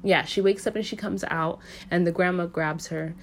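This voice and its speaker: A woman's voice: on the low side, steady tone, normal speed, slight background noise. Rambling woman recapping a movie. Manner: rambling, filler-heavy, lots of "like" and "um"; casually profane. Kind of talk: casual plot recap.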